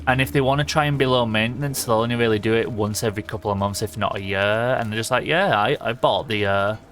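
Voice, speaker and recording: A man's voice: lowish voice, fairly even intonation, fast talker, a bit bright. A young man streaming a game, chatting casually in a rambling, sweary way and laughing often. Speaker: livestreamer.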